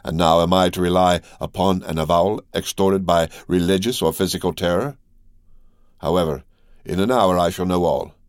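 A man reading a cold, commanding count, deep. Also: no echo, clean studio sound, natural voice. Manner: commanding, measured. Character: imperious older male count, cold master.

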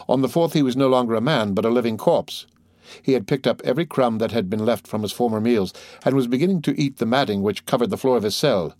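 A man reading a novel aloud in a measured, even narration. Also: mid-range voice, no room sound, studio quality. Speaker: audiobook narrator. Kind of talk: scripted narration.

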